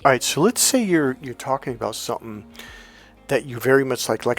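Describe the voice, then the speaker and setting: A man's voice: mid-range voice, animated, quick pace. Emphatic male coach with faint music. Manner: emphatic, repetitive, chanting mantras. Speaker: life coach. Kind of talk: motivational coaching monologue.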